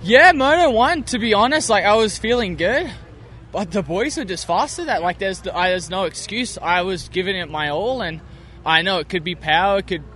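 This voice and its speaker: A young man with a high, bright voice talks over his race in an upbeat, rambling way, full of restarts. He is outdoors at a track, with faint engine noise behind him. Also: animated, normal speed. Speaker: motocross racer. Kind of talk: post-race interview.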